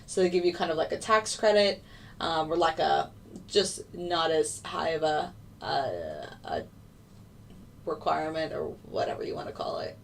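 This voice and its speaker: A woman's voice: deep voice, expressive, moderate pace, vocal fry, recorded from a distance, a little hiss or hum. A young woman hosting a casual trading livestream, chatting loosely with many fillers as she answers viewer questions. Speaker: livestream host, futures day trader.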